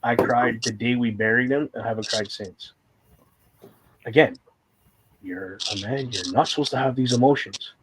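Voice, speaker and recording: A man's voice: mid-range voice, fairly even intonation, moderate pace, long pauses, noisy background. A man talking candidly and emotionally in a casual conversation, a guest sharing a personal story with rambling fillers and moments of fighting back tears.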